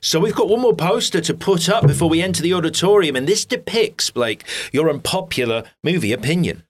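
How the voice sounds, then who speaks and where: A man's voice: on the high side, expressive, a little fast. A man hosting a casual interview, chatty and laughing along with his guest. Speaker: host.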